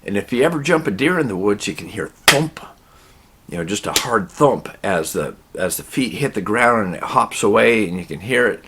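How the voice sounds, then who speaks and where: Low, gravelly man spinning a yarn, folksy and rambling. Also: lively intonation, fairly bright tone, slight background noise. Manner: folksy, rambling, drawn-out telling. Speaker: storyteller. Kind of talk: casual spoken storytelling.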